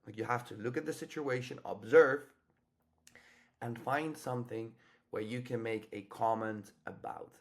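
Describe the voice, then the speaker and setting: A man's voice: medium pitch, normal speed. Blunt, swearing male dating coach. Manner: blunt, profane, acts out example lines. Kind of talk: casual coaching monologue.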